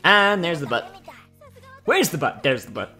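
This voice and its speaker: Young woman reacting to a cartoon, low voice, swears a lot, sarcastic, faint music under it. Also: big pitch swings, unhurried, bright, forceful tone. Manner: crude, sarcastic and profane. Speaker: video host reacting to a cartoon. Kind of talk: casual reaction commentary.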